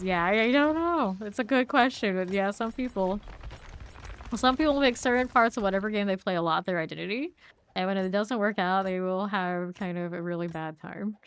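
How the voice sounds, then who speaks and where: Over slight background noise, a woman with a mid-range voice plays a game on stream and talks loosely with her chat. Chatty and full of quick asides, she reads viewer comments out loud, responds to them, and murmurs the names of items while looting.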